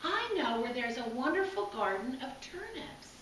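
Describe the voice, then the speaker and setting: A woman's voice: high voice, sing-song, moderate pace, a bit bright, slight background noise. Scheming storybook wolf, a woman doing him, coaxing read-aloud manner, far from the mic. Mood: sly. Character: big bad male wolf, sly and scheming. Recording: echoey room, from far off.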